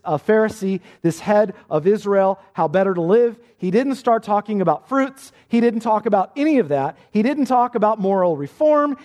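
A man's voice: high-pitched, mellow. A man preaching an expository sermon, emphatic, often repeating words and restarting phrases as he presses a point.

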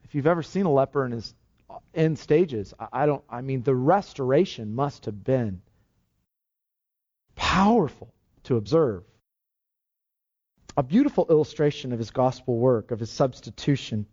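In a dull, lo-fi recording, a pastor gives an earnest, emphatic sermon and frequently starts his phrases over. He speaks at medium pitch with lively intonation and a normal speed, pausing often, and his tone is darkish.

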